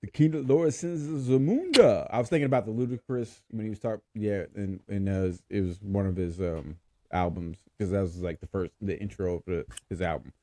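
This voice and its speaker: A man's voice: sits low, fairly even intonation, a little fast, dark tone, no room sound. A man hosting a podcast in casual chat, laughing often and stumbling over his words. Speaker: podcast host.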